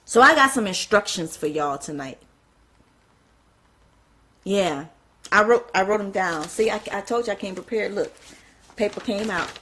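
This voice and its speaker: A woman's voice: mid-range voice, normal speed, pauses often, husky. A woman giving a passionate spoken sermon, firing off rhetorical questions and apologizing when she gets carried away. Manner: fiery, fires off rhetorical questions, apologizes for getting excited. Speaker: speaker at a church event.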